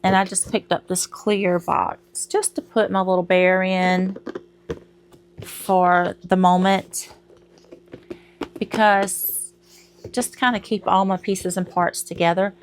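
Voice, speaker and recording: Woman, middle-aged, unhurried, rambling, casual vlog chat from home. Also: medium pitch, flat delivery, slight background noise. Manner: chatty, rambling, laughs at herself. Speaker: crochet vlogger.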